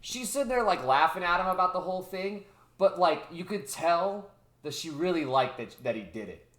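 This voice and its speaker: A man co-hosting a podcast in casual chat, excitable and swearing often as he retells scenes. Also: high voice, normal speed, echoey room. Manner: excitable, swears a lot, acts out scenes in funny voices. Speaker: podcast co-host.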